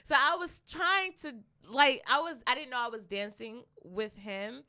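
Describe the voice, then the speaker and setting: A young adult woman co-hosting a podcast, telling a story in a casual, animated way, with plenty of profanity and laughter. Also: high voice, a little slow. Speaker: podcast co-host.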